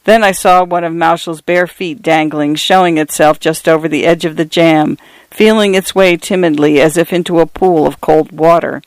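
A man narrating first-person literary fiction in a measured, even storytelling voice. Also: fairly high pitch, clear, resonant tone, dry recording. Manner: measured, evenly paced storytelling.

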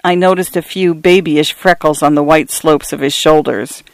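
A man's voice: a little high, fairly even intonation, gravelly, no room sound. Man reading literary fiction aloud. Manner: measured, evenly paced storytelling. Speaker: narrator.

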